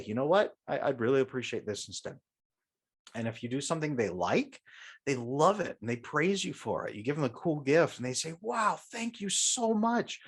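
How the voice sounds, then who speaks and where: Man, podcast guest, coach, emphatic, firm, guiding tone, mid pitch. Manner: guides the listener through an imagined scenario in a coaching tone; emphatic and confident, often agreeing firmly. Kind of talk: conversational podcast interview.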